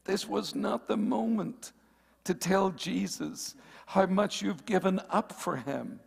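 A man preaching a sermon in church, playful and teasing with the congregation and rising to emphatic shouts. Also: sits high, expressive, slow, creaky, breathy edge. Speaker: pastor.

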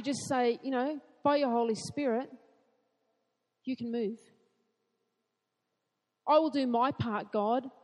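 A woman preaching a sermon in an earnest way, asking rhetorical questions and building to excited emphasis. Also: high-pitched, in a large hall.

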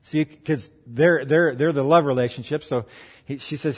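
A man preaching in a church, retelling a story with lively acted-out voices. His pitch sits at a middle level, and a long reverb from the hall follows each phrase. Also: moderate pace, breathy edge. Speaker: pastor. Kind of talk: sermon storytelling.

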